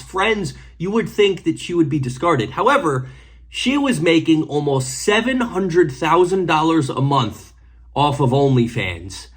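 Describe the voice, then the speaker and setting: A man's voice: fairly high pitch, breathy edge. A man hosting a commentary video, speaking in a blunt, indignant and sarcastic way. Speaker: host.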